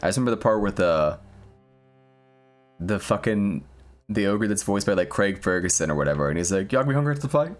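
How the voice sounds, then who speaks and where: A young man talks while he plays a game on stream, with a voice that sits on the low side. He rambles, jokes crudely and laughs a lot between thoughts. Faint string music from the game plays behind him. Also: a little fast, long pauses. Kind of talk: casual gameplay chat.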